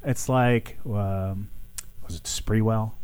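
A man hosting an opinion talk show, animated and indignant, calling his listeners folks. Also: fairly low pitch, takes it slowly, clear, resonant tone, no echo. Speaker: host. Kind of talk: opinion talk radio commentary.

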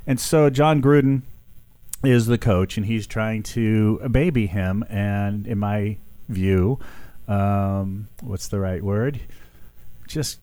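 A man's voice: fairly low pitch, slow. Indignant talk radio host man. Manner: animated, indignant, addresses listeners as folks. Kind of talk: opinion talk radio commentary.

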